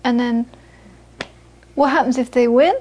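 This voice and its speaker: A woman teaching Buddhism to a live audience, moving from lively anecdotal storytelling into quiet, reflective teaching. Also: on the high side, measured pace. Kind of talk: dharma talk to a live audience.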